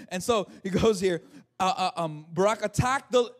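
A male pastor preaching a sermon, retelling a scripture story with animated asides, jokes and calls to the congregation. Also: high-pitched, unhurried.

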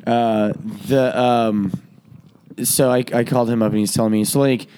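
A man hosting a podcast, with a voice of ordinary middle pitch, tells a long story to friends. He talks casually, curses freely and laughs as he goes. He pushes his voice up loud and high whenever he quotes someone. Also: steady tone, moderate pace, a little hiss or hum. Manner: profane, laughing often while he tells the story; jumps into loud, high voices when quoting people. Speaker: podcast host.

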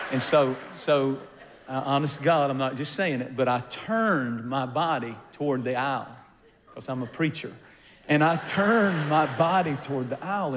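An older man preaching a sermon, telling a funny personal story with animated swings between quiet asides and loud bursts. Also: fairly high pitch, slight background noise. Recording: long reverb of a large hall.

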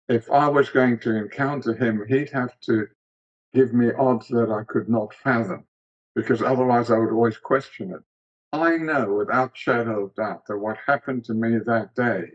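A middle-aged man from South Africa, a guest telling an earnest, gently wry personal story in casual chat. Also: lowish voice, slightly rough, dull audio.

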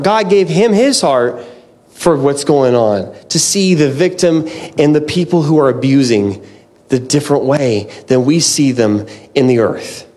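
A man's voice: on the high side, a little mellow. A man preaching a conversational sermon in an earnest way, often restarting his sentences and dropping in "man" and "like.".

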